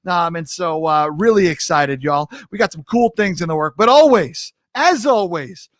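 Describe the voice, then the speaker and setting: High-voiced hype host, dry sound. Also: male voice, moderate pace, no echo. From New York. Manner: energetic, hypey, shouting out viewers. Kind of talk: upbeat livestream show hosting.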